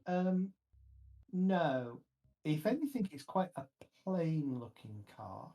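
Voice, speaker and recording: Slow, mellow-voiced game master narrating. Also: male voice, on the high side, very animated, creaky, rough recording. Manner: slow, measured scene narration. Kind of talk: narrating a tabletop horror game. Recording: faint music behind.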